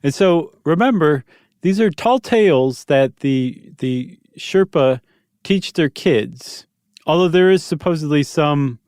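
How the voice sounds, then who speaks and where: A man's voice: fairly high pitch, expressive, takes it slowly, a little mellow, clean tone, no echo. A man co-hosting a podcast in casual chat, telling stories with wry, dry humor. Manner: wry, dry humor, explains things in a storytelling way. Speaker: podcast co-host.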